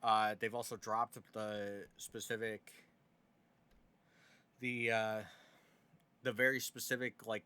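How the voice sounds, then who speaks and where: A man's voice: fairly low pitch, bright, forceful tone. A man hosting casual gaming news commentary, opinionated and sarcastic, with many fillers.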